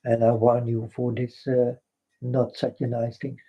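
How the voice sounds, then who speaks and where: A man's voice: mid-range voice, completely flat delivery, a little slow, breathy edge. A man with a Dutch accent, a native Dutch speaker, rambling through a spiritual vlog monologue in broken English, repeating himself and calling out to his folks. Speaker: vlogger. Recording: dull lo-fi recording.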